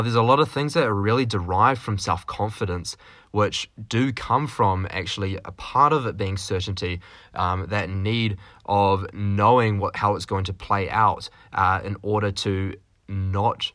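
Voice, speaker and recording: Low, forceful man. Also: no room sound, studio quality. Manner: rambling, with many fillers and restarts; jokey, with mild swearing. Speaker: podcast host. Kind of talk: solo podcast monologue.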